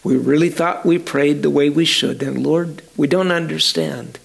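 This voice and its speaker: A man voicing a grieving middle-aged farmer who prays through tears in a low, hushed voice. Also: fairly even intonation, moderate pace, vocal fry, husky, heavily acted. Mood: tearful prayer. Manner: sobbing, hushed prayer. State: crying.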